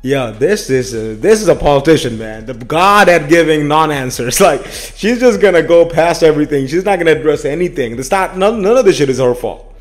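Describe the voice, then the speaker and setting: Casual host type: a man with a slightly high voice, talking bluntly and swearing freely while reacting to clips. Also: fairly quick, few pauses, soft background music. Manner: blunt, profane, animated, says "man" and "bro". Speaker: political reaction commentator.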